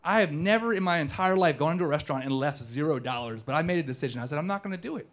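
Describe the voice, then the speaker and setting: Animated man telling a story live. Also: a little high, quick pace. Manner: animated, conversational, acts out dialogue. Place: dance studio performance venue.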